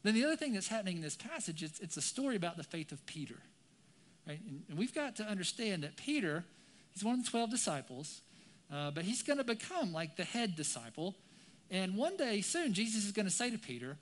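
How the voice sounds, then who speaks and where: A man preaching a sermon to a congregation and online viewers, animated and conversational, often checking in with "right?". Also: high voice, brisk. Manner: animated, keeps asking "right?". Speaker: pastor. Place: church, some viewers online.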